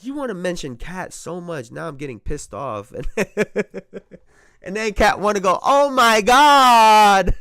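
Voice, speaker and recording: A man's voice: high-pitched, very animated, normal speed, a bit bright, dry recording. A man hosting a sports podcast, talking casually and with a lot of profanity, often repeating himself and breaking into laughter.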